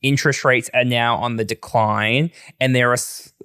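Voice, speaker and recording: A man's voice: medium pitch, steady tone, normal speed, bright, forceful tone, smooth, no echo, clean studio sound. Chatty New man asking questions. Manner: chatty, inquisitive, loose with fillers. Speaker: podcast host. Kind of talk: casual chat.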